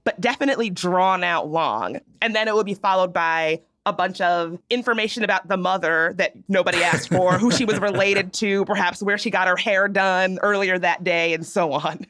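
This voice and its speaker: A woman's voice: lowish voice, moderate pace, few pauses, fairly bright tone. A young woman from the American South co-hosting a podcast, chatting casually and explaining with humorous asides. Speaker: podcast co-host. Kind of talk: casual chat.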